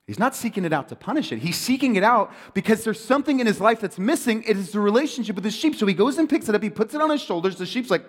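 Animated preacher in a big reverberant hall. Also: male voice, high voice, a little fast. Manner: animated, joking, acts out quoted voices. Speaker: pastor. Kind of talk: sermon.

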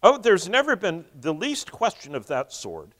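A man's voice: high voice, wildly swooping pitch, normal speed, fairly bright tone, voice pushed up, heavily acted. A man doing a vague, rambling old official. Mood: smooth. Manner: rambling, noncommittal, wordy. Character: vague evasive elderly male official.

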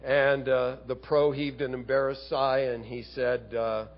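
A man's voice: mid-range voice, little pitch movement, measured pace, few pauses, lo-fi sound. A man preaching an expository sermon, moving between Bible explanation and storytelling. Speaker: pastor.

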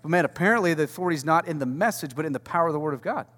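A man with a slightly high voice gives an animated sermon in a large warehouse church. He surges loud, then drops to a hush, repeating words as he builds. A long reverb rings through the hall behind him. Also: racing. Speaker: pastor. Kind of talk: conversational sermon.

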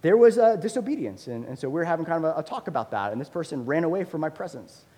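A man in his thirties preaching a sermon as a pastor, conversational and animated, with lots of fillers. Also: a little high, quick pace, husky. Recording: long hall reverb.

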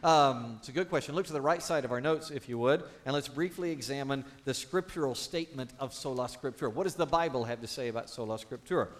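A man, a pastor, preaching a sermon with animated, playful asides to the congregation. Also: mid-range voice, fast, few pauses.

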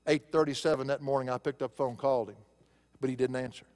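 A man's voice: medium pitch, fairly even intonation, fast, a little mellow, big-room sound. A male pastor preaching a sermon, telling a personal story in a conversational way and rising to emphatic preaching.

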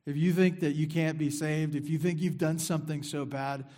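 A middle-aged man delivers a sermon with a voice pitched a little above most men. His tone stays easy and conversational, circling back to repeat key phrases and sinking into quiet asides between them. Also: steady tone, moderate pace. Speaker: pastor.

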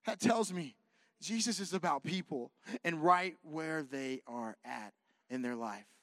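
A man preaching a sermon to a congregation, animated and repetitive, pacing as he talks and acting out the people in his story. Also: a little high, unhurried, no room sound. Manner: animated, repetitive, quotes figures in voices; walks around while preaching. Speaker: pastor. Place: church sanctuary with a congregation.

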